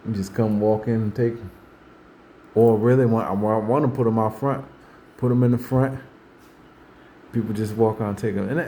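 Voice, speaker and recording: He's a host with a lowish, warm voice, and there's slight background noise. His talk about faith and ordinary life is casual and rambling, full of repetition, restarts, and acted-out quotes.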